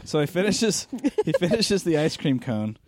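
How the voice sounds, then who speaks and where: A man in casual chat, telling an animated story and swearing freely. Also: on the high side, normal speed, slight background noise.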